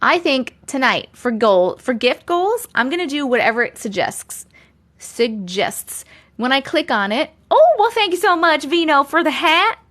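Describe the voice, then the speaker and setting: A chatty woman from Long Island hosts a relaxed live stream from home. Her voice sits high, and she keeps up a friendly back-and-forth with her viewers, laughing often and thanking them by name. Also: a little slow. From Long Island, USA. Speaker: live-stream host reading chat. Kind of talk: casual live-stream chat.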